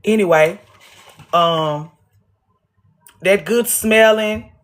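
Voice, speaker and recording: A woman with a mid-range voice and drawn-out words hosts a casual livestream from home. Her unscripted monologue is blunt and full of profanity, and she drives her points home by repeating them.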